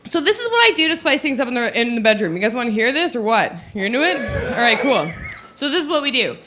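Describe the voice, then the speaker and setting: A woman's voice: a little high, very animated, fast, background noise. A woman in her thirties performing a stand-up comedy set, playful and giggly, acting out quotes in silly voices.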